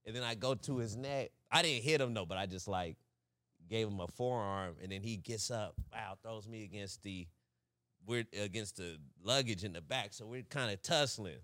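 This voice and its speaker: A man's voice: fairly low pitch, normal speed, fairly bright tone, no echo, studio quality. A young man co-hosting a podcast, telling a story in casual chat, acting out the quotes and laughing often. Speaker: podcast co-host.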